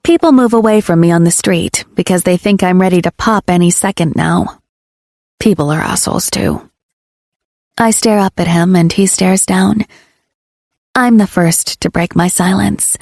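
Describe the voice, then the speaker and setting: A woman reading a first-person audiobook in an expressive, lively way. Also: lowish voice, normal speed, dry recording, clean studio sound. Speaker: audiobook narrator.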